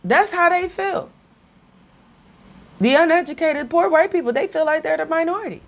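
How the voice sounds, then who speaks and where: A woman's voice: very high-pitched, expressive, moderate pace, gravelly. A woman delivering an impassioned political rant to camera, blunt and profane, repeating slogans and breaking into nervous laughs. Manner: repeats slogans and rises to near-shouting when heated. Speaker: video commentator.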